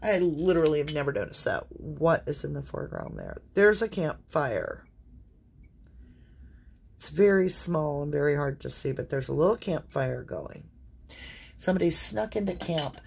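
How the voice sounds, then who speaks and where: A woman's voice: low voice, lively intonation, moderate pace, gravelly, darkish tone, husky. A woman giving an intuitive tarot reading to viewers, earnest and exclamatory, with fits of coughing. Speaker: tarot reader.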